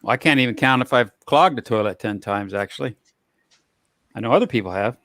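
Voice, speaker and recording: A man's voice: medium pitch, lively intonation, brisk, a bit bright. A man co-hosting a live stream in easygoing casual chat, agreeing often and chiming in with "yeah, yeah.".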